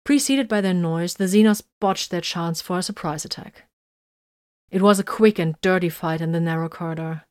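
Low-voiced woman narrating an audiobook. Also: normal speed, smooth, no echo, clean studio sound. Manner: steady storytelling.

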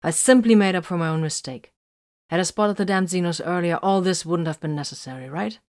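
A woman voicing a gruff male armored warrior-librarian who answers with sharp, biting retorts. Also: fairly low pitch, fairly quick, no echo, clean studio sound, lightly acted. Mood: defensive. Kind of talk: audiobook character voice.

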